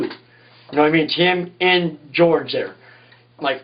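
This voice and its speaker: In a casual interview, a tattoo artist rambles through stories from his shop, swearing freely and often tossing in "you know what I mean." His voice is a little high at normal speed, and the lo-fi recording has a distant mic.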